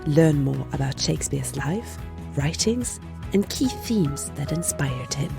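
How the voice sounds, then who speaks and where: A woman reading a scripted podcast narration in a measured, lightly wry delivery. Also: deep voice, expressive, gravelly, music in the background.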